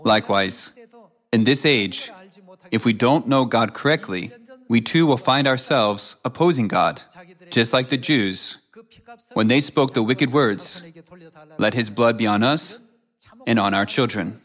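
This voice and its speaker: A man preaching in a measured, solemn read-aloud style, quoting scripture between his points. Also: mid-range voice, fairly bright tone. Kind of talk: scripted sermon narration.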